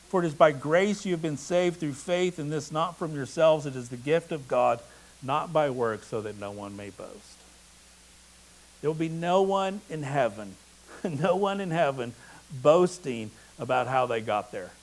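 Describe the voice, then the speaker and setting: A man's voice: a little high, lively intonation, a little slow, low-quality recording. A man preaching a sermon in an earnest, emphatic way, with a touch of humor. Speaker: pastor.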